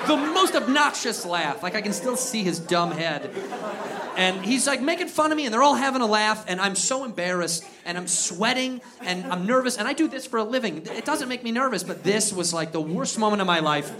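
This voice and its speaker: A man performing an animated, profane stand-up comedy set on a club stage. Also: sits high, brisk, background noise. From United States. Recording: live club with crowd laughter.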